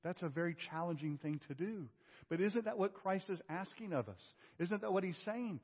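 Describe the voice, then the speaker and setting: Preacher in a reverberant sanctuary. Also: male voice, high voice, animated, normal speed, breathy edge. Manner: rhetorical questions, emphatic swings from loud to hushed. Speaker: pastor. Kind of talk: sermon. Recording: dull audio with long hall reverb.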